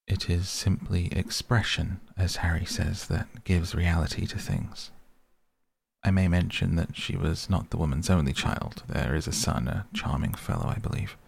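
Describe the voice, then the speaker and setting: A man's voice: deep voice, normal speed, vocal fry, husky, exaggerated voice. A man reading the part of a vain, coolly dismissive young man in a sleep story, with an airy, dismissive manner. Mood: languid, dismissive.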